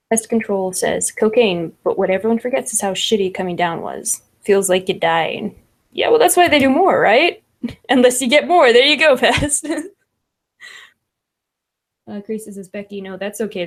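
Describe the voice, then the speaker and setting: A woman's voice: medium pitch, creaky. A woman hosting a livestream, reading chat comments aloud and chatting casually with lots of laughs. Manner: laughs often, fillers like "like" and "I don't know".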